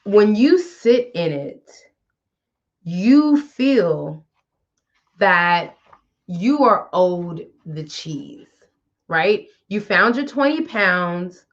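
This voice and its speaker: A woman's voice: fairly low pitch, sing-song, very slow, pauses often, highs cut off. A woman hosting a wellness show, talking bluntly and casually straight to the listener. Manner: blunt, chatty, addresses listener directly. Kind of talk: casual motivational talk.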